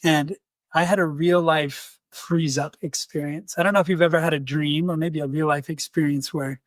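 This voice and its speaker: A man's voice: on the high side, moderate pace, dry recording. A man and podcast host telling a personal story in conversation, acting out the voices of people he quotes. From United States. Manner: animated, acts out quoted voices.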